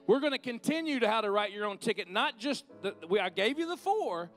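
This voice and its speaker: A man's voice: high voice, lively intonation, brisk, a bit bright, soft background music. A middle-aged man, preaching a conversational sermon and leading an altar call. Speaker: guest minister.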